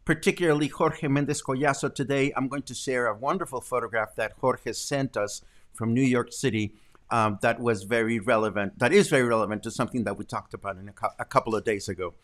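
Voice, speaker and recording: A middle-aged man hosts a casual live stream from his home. He talks at an easy middle pitch and chats with viewers in a loose, rambling way. He stops often for ums and corrects himself as he goes. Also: brisk, a bit bright. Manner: chatty, rambling, with frequent ums and self-corrections. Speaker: host.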